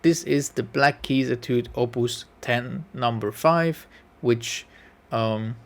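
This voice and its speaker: Speaking slowly with a medium pitch and fairly even intonation, a piano YouTuber tackles a music quiz on camera. He muses, self-corrects and hums bits of the music as he goes.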